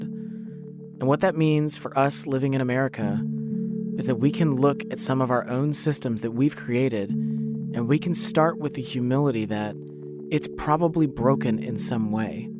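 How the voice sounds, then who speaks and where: A podcast host narrating calmly and reflectively. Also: male voice, medium pitch. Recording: narration over clear music.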